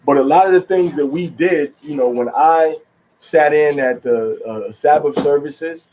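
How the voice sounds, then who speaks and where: A man gives a religious lesson at a slow, measured pace. His voice is dark and mellow, and he halts often with fillers and restarts. He stretches out the words he wants to stress. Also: fairly high pitch, slight background noise, poor audio. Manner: drawn-out stress on key words. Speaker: religious teacher. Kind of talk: teaching talk.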